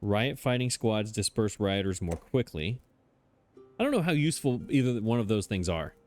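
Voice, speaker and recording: Man, let's play host, casual commentary, lowish voice, faint game music behind. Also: expressive, moderate pace, darkish tone. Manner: thinking aloud, puzzled questioning; self-mocking, chatty.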